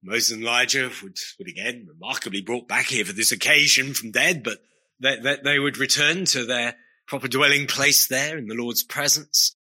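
A man preaching a sermon to his congregation, earnest and emphatic, leaning on slow, stressed phrases. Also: medium pitch, bright, forceful tone.

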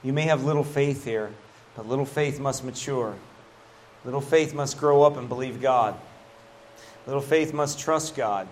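A man's voice: medium pitch, normal speed, slight background noise. A middle-aged man preaching a sermon as pastor, folksy and emphatic, often dropping a casual "man" into his lines.

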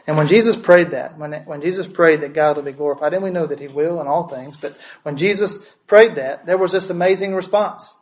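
A man's voice: a little high, brisk, hardly any pauses, rough recording. Man preaching a sermon. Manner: asks the congregation questions, repeats words for emphasis. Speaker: pastor.

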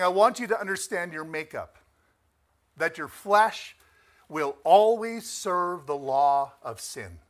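A man preaching a sermon, emphatic and rising to near shouts on key points, asking the congregation for amens. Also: on the high side.

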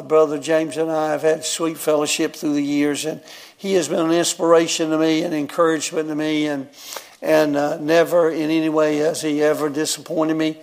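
A man, telling a personal story in a folksy, rambling sermon and chuckling often. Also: a little high. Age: 70s. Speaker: guest preacher.

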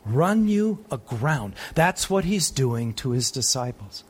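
A man teaching a Bible sermon who swings between excited, emphatic high points and hushed, soft reflection, reading scripture aloud and asking his listeners questions. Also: slow, slightly rough. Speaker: preacher.

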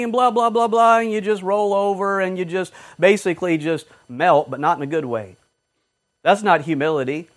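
A man preaching a sermon, fervent, swinging from loud exhortation to low murmurs and acting out short quoted voices. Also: moderate pace, long pauses.

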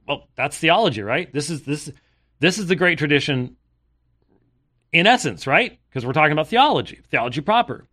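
An older man preaches in a fairly high, bright voice that is expressive and forceful, at a moderate pace. His sermon reads long quoted passages from historical sources aloud, broken up by pointed rhetorical questions and sarcastic asides.

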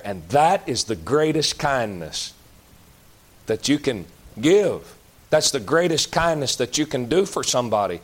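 Emphatic preacher man. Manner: folksy, emphatic preaching with sudden loud outbursts and drops to low, slow asides. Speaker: pastor. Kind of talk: sermon.

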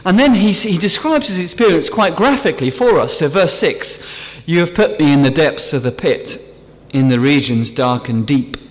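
A man's voice: fairly high pitch, expressive, moderate pace. A man preaching a sermon earnestly, stressing key phrases as he explains a psalm. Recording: long hall reverb.

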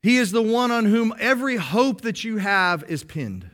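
A man preaching a sermon to his congregation, explaining patiently and slowing down to stress key phrases. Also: high voice, sing-song, a bit bright. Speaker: pastor.

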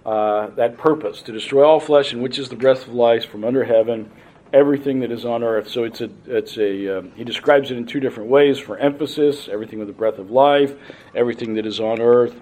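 A man teaching a Bible study class, reading scripture aloud and explaining it patiently, with frequent pauses and ums. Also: medium pitch, darkish tone.

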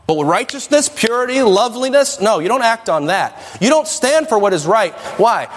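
A man's voice: high voice, fairly bright tone. A man preaching a sermon to a congregation, emphatic and questioning his listeners. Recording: echoey hall with long reverb.

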